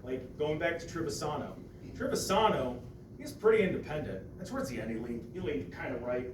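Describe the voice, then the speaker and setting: A man from Ohio chatting casually, telling stories with lively acted-out quotes and casual swearing. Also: on the high side, fairly quick. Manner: animated storyteller, acts out quotes loudly, swears casually. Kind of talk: casual podcast chat. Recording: echoey room, mic at a distance, background noise.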